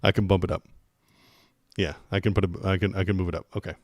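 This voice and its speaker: A man's voice: low voice, steady tone, fast, dry recording, clean studio sound. A man hosting a political livestream, chatting casually and rambling with jokes and lots of fillers.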